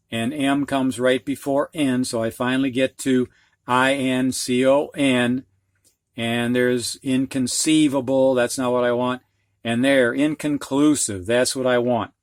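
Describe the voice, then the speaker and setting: A man's voice: mid-range voice, dry recording, studio quality. A middle-aged man teaching a reading lesson, patiently spelling out letters and walking through each step. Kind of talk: instructional video lesson.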